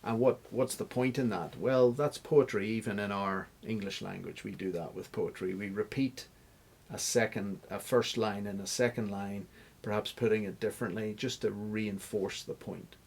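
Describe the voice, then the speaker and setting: A man's voice: lowish voice, fairly even intonation, moderate pace, creaky, a little mellow, breathy edge. A man answering interview questions as a guest scholar, explaining step by step like a teacher. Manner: teacherly, stops to spell out examples.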